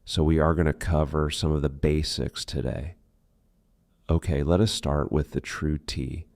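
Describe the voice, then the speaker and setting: Man, narrator for a pronunciation lesson, deep voice with lots of fry, steady read-aloud delivery. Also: no room sound, clean studio sound. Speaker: English pronunciation teacher.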